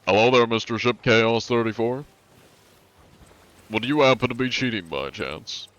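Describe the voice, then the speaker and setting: A man's voice: mid-range voice, normal speed, fairly bright tone, close to an everyday voice. A man voicing an overly formal male anti-cheat inspector who speaks with stiff, mock-official politeness. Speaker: gaming streamer.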